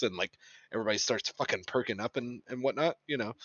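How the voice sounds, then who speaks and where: A man's voice: mid-range voice, fast talker, a bit bright, husky, no room sound. Blunt, insistent man on a dull mic. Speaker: panelist. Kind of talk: casual panel discussion.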